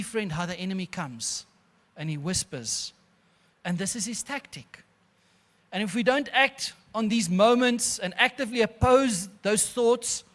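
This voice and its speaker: A pastor preaching an animated sermon, calling listeners friends and laughing often. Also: male voice, sits high.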